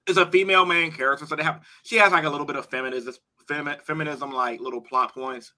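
A man co-hosting a casual podcast, talking in an animated, slangy way. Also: on the high side, quick pace, rough recording. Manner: animated, slangy, says "bro" a lot.

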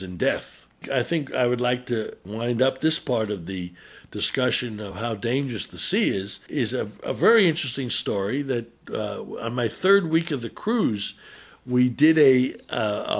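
A man's voice: mid-range voice, breathy edge. Hesitant older man telling a story. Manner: hesitant, many fillers. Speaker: radio host and physician. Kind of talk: unscripted storytelling talk.

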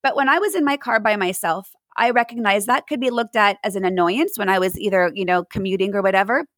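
A woman's voice: mid-range voice, quick pace, fairly bright tone, no room sound, poor audio. A woman giving mindfulness advice to parents in an interview, earnest and acting out examples as she explains.

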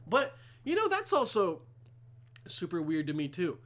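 A man's voice: high voice, wildly swooping pitch, measured pace, fairly bright tone. A young man delivering a rambling, profane comedic rant to camera with heavy swearing. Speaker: vlogger.

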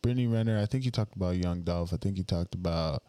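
A man's voice: sits low, fast talker, mellow, dry recording. A man co-hosting a casual podcast chat, joking and asking teasing questions. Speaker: podcast co-host.

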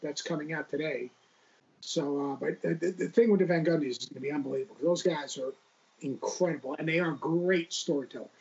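Middle-aged male guest, gravelly, rambling anecdotes, muffled remote-call sound. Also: a little high, brisk, a little mellow. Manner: rambling, restarts a lot, gravelly. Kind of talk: casual storytelling interview.

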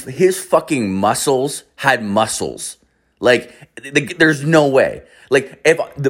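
A man's voice: mid-range voice, a bit bright. A young man telling a long, rambling story in casual talk, full of swearing and fillers. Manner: rambling, profane, filler-heavy anecdote.

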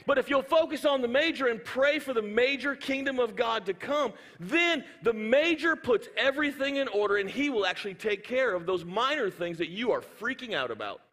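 Male pastor, high voice, lively sermon storyteller, hall echo. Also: normal speed, few pauses. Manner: animated storytelling with sound effects. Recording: hall reverb.

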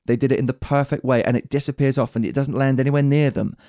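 Mellow-voiced male podcast host. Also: medium pitch, fast, dry recording, studio quality. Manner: lively, acts out quoted lines in little voices. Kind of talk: casual chat.

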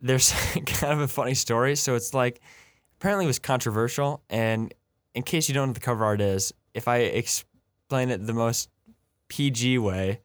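A man co-hosting a casual music podcast, telling stories in a relaxed, dry, amused way. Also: medium pitch, moderate pace, smooth, no room sound. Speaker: podcast co-host reviewing albums. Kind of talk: casual chat.

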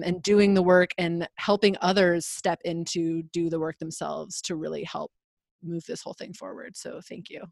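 A woman's voice: lowish voice, vocal fry, no room sound, studio quality. A woman hosting a podcast, speaking in a gushing, enthusiastic and affirming way. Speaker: podcast host. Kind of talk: casual conversational interview.

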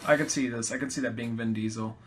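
A man's voice: medium pitch, steady tone, fast talker, fairly bright tone, a little hiss or hum. A man hosting a podcast, chatting in a laid-back, rambling way and swearing freely. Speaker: podcast host. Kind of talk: casual chat.

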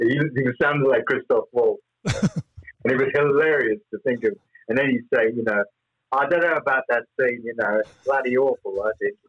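A man's voice: medium pitch, husky, narrow, tinny audio. A man as interview guest, telling rambling stories with frequent laughs and fillers. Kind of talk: anecdotal interview storytelling.

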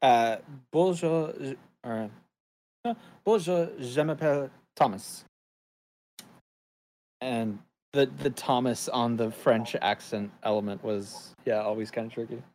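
A man's voice: mid-range voice, measured pace, a little mellow. A married man in a casual chat, joking and poking fun at himself. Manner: joking, self-deprecating.

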